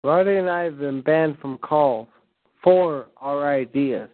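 A man's voice: a little high, measured pace, dry recording. A man hosting a prank call show, chatting casually over a voice call and rambling through stammered restarts. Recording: tinny phone-like call audio, dry.

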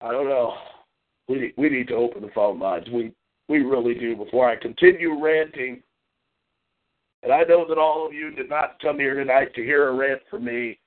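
A man hosting a call-in talk show, ranting with exasperation and swinging between high and low pitch. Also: expressive, normal speed. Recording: tinny phone-like line.

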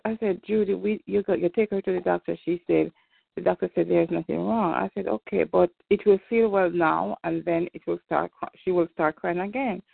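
A woman's voice: on the low side, gravelly, no echo. An older woman, a grandmother, earnestly telling a faith story on a community call. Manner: earnest, emphatic testimony. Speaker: call participant sharing testimony. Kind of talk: casual storytelling. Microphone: phone or call line. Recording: tinny phone line.

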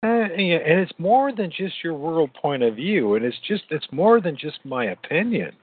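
A podcast host runs a casual late-night call-in chat on his own show, rambling, repeating words, and laughing easily. His fairly high voice is sing-song and slightly rough at a normal speed, with no echo but a tinny, phone-like sound.

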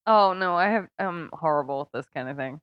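A woman's voice: deep voice, lively intonation, brisk, clean tone, no room sound, muffled recording. A woman co-hosting a podcast in casual chat, giggling and self-deprecating as she tells a story. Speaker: podcast co-host.

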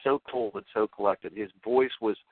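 Man, talk show host, rambling monologue, excitable, emotional, stumbles and restarts, phone-line sound, dry. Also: lowish voice, normal speed, breathy edge, dry recording.

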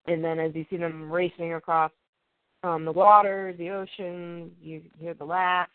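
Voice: medium pitch, flat delivery, unhurried, smooth, no room sound. A comic book reviewer casually recapping an issue, rambling and reading the dialogue aloud plainly. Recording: tinny, dry phone-like sound.

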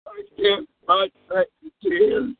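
A man's voice: very high-pitched, big pitch swings, slow pace. A man prank-calling a phone chat line, putting on an over-the-top grieving manner. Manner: theatrical fake grief, exaggerated swoops. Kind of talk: prank call, mock-mournful speech. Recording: phone-line audio, dry.

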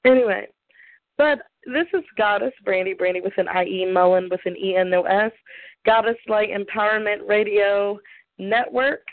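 A woman's voice: medium pitch, normal speed. A woman with a Southern US accent hosting a call-in radio show, chatty and bubbly, laughing often. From American South. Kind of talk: casual call-in radio chat. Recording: tinny phone line.

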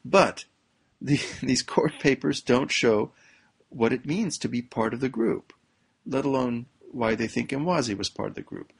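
A man reads a news article aloud and mocks its wording, dropping sarcastic asides between quotes. His voice is gravelly and husky, at an ordinary middle pitch, and he keeps slipping into laughter. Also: expressive, measured pace. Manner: sarcastic, breaks into frequent laughter. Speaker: commentator.

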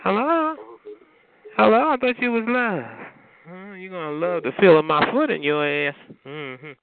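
A man's voice: high-pitched, a little slow, gravelly. A man taunting callers on a phone chatline with sassy, mocking, foul-mouthed banter, calling them honey and child. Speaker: chatline heckler. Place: on a phone call. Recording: noisy tinny phone line.

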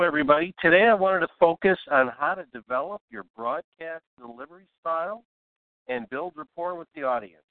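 A man's voice: fairly high pitch, no echo. Male host, casual how-to lesson, rambling with fillers, tinny phone-like sound, dry. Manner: relaxed, rambling, many fillers. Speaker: podcast host teaching broadcasting. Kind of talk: casual instructional talk.

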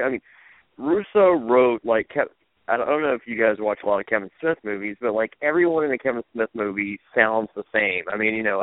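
A man with a low-set voice tells stories in a loose, animated way, jumping up in pitch whenever he acts out what others said. The sound is thin and phone-like, with a dry, close feel and no room around it. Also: no echo. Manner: animated, laughing, acts out quotes in raised voices. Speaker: interview guest, former wrestling manager. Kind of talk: casual storytelling in an interview. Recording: tinny phone-like line, dry.

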